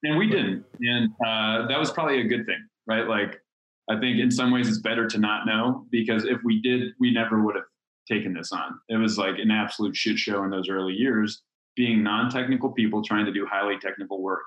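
A man's voice: fairly low pitch, steady tone, fairly quick, a bit bright, dull audio. A man in his thirties, a startup founder, telling his story in candid, rambling casual talk with some swearing. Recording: roomy echo.

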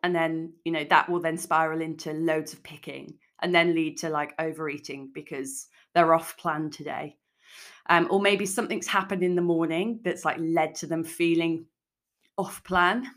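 Woman, fairly low pitch, podcast host, casual and frank, chatty. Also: fairly even intonation, normal speed, fairly bright tone. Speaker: podcast host and food coach. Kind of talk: casual solo podcast talk.

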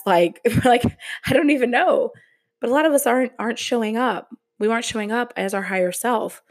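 Woman podcast host, motivational, slow and earnest, casual delivery. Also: mid-range voice.

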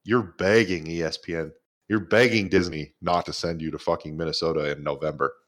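A man's voice: deep voice, steady tone, a little fast, a bit bright. A man co-hosting a casual sports betting podcast, blunt and profane, laughing often. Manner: blunt, swears freely, laughs a lot. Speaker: podcast co-host.

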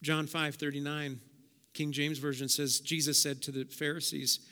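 A male pastor preaching a sermon, swinging between hushed low passages and loud emphatic bursts. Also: flat delivery, normal speed. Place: church sanctuary. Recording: long church hall reverb.

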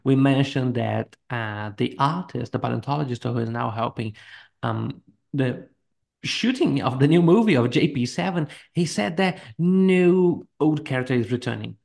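A man's voice: medium pitch, expressive, moderate pace, creaky, a little mellow. A man co-hosting a podcast, chatting casually and rambling with lots of fillers and frequent laughter. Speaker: podcast co-host.

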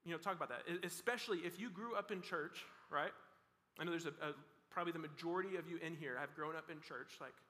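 A young man gives a youth sermon in a loose, conversational way, full of fillers and restarts. His voice sits high and bright. Long reverb from a big hall hangs behind every phrase. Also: fast. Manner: casual, rambling with many "like" fillers and restarts. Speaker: youth pastor. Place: large hall with a student audience.

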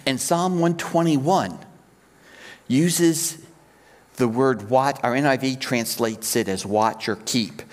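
A man preaching to his church, laying out his points patiently and in threes. His voice sits in a middle pitch. The sound rings with a long reverb from the sanctuary. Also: slow pace. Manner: explanatory, counts out points in threes. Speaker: pastor. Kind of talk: sermon.

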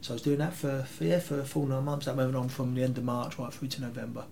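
A man, telling rambling, animated anecdotes as an interview guest. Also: mid-range voice, quick pace, creaky, a little hiss or hum. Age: 30s. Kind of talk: casual interview storytelling.

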